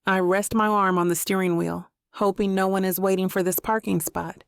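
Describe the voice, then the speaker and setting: A woman's voice: medium pitch, flat delivery, moderate pace, gravelly, clear, resonant tone, dry recording, clean studio sound. A woman narrating a first-person romance audiobook in an intimate, reflective manner.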